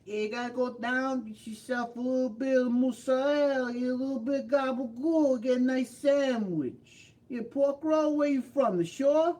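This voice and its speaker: A man voicing a brash Brooklyn man ordering deli food, with an exaggerated, drawn-out Brooklyn accent. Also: extremely high pitch, a little mellow, pitched above the performer's own voice, poor audio.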